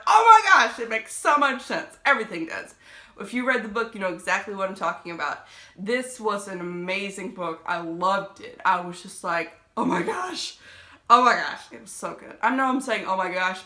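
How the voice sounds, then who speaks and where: A young woman from the United States vlogging about her favorite books, gushing and excitable, rambling and correcting herself as she goes. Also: mid-range voice, roomy sound. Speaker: book vlogger. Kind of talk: casual book review vlog.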